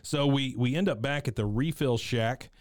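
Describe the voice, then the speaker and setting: A man's voice: mid-range voice, normal speed, no echo, studio quality. A man co-hosting a podcast, casually recapping a cartoon episode and acting out the characters' lines in a raised voice. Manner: animated retelling, quotes characters in raised voice. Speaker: podcast co-host.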